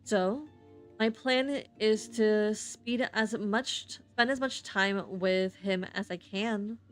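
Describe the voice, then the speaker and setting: A woman's voice: medium pitch, faint music behind. A woman streamer reading game narration aloud, stumbling over words and restarting often. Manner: halting reading with frequent slips and restarts.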